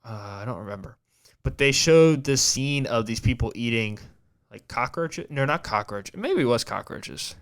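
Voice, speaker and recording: A man's voice: mid-range voice, expressive, moderate pace, a bit bright. A man hosting a podcast, talking in a casual, rambling way with a heavy stutter and frequent restarts. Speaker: podcast host.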